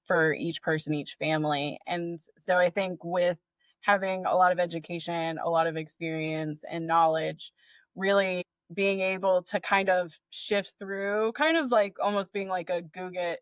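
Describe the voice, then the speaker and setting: A woman's voice: lowish voice, measured pace, no echo. A woman doula with a slight Southern American accent, talking casually in a podcast interview with lots of fillers. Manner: casual, many fillers like 'like', expressive. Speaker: doula and birth educator.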